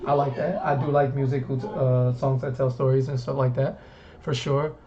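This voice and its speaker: A man's voice: medium pitch, level tone, normal speed, a crowd in the background. A man from the southern US hosting a casual talk stream, rambling easily and repeating words as he goes. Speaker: host. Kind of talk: casual chat. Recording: muffled stream audio with faint hiss.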